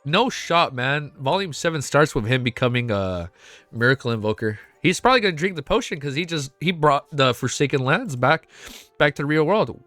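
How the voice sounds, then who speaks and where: Excitable swearing man reacting on stream. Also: a little high, moderate pace, no echo. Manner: excitable, swears a lot, emotional. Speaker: streamer reacting to web novel fan art. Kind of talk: casual live-stream reaction.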